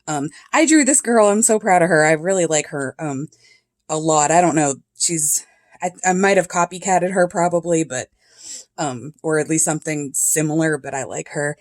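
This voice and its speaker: Brief: low-pitched woman, casual vlog, reads quotes and chuckles, dry close sound. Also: moderate pace, dry recording. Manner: chatty, laughs often, reads quotes then comments. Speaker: vlogger. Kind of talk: casual journal flip-through, reading quotes aloud. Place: home with cats and dogs.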